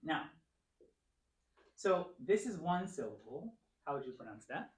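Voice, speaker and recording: A man's voice: a little high, big pitch swings, unhurried. A man teaching a church class, patiently coaxing his students through each word and calling on them by name. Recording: echoey room.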